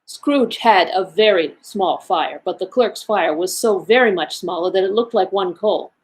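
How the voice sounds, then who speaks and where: A woman reads a classic tale aloud at a measured pace, giving the phrases shape and expression. Her voice sits in an ordinary middle pitch. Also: low-quality recording. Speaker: library associate reading aloud. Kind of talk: storybook read-aloud.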